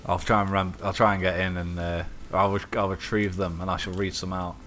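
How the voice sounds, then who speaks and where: A man in casual chat as a podcast co-host, telling stories in an animated way, swearing freely and acting out the voices of people he quotes. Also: sits low, a little fast, a little hiss or hum.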